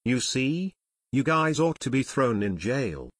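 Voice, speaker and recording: A man's voice: medium pitch, big pitch swings, measured pace, no room sound. Male narrator plays a burly bully of a thief; blustering, threatening, dry booth sound. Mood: angry blustering. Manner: blustering, snapping. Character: burly angry middle-aged male thief.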